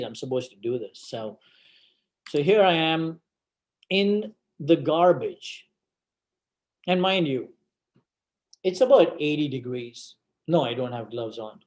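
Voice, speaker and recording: A man tells a personal story to an audience, slowly and deliberately. His voice sits a little high, and he leans on dramatic repetition. A roomy hall echoes around him. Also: a little mellow. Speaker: guest speaker.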